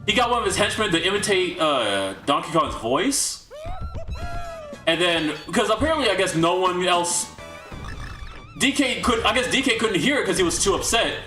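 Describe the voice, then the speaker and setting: A man's voice: sits high, big pitch swings, moderate pace, bright, forceful tone. A young man hosting a livestream, casually recapping a story with rambling, incredulous asides to chat. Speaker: livestream host. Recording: echoey room with faint music.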